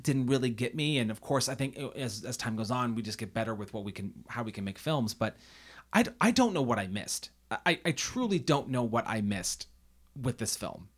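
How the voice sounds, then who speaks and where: A man's voice: mid-range voice, animated, fairly quick. A man co-hosting a casual film podcast, hesitant and stammering through restarts as he talks. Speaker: podcast co-host.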